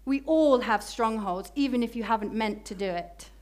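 A woman preaching a sermon, slowing down to stress key phrases. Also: a little high. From Britain.

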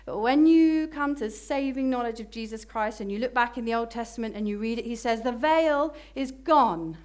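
Woman preacher, slightly high voice, emphatic sermon delivery that slows for key phrases. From Britain.

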